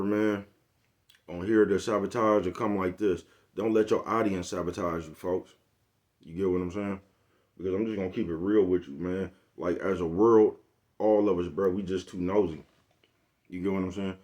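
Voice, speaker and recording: Male vlogger, lowish voice, loose slangy monologue, keeps checking in with his audience. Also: a little mellow. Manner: laid-back slangy rant, repeats "you get what I'm saying". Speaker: channel host. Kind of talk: casual vlog monologue.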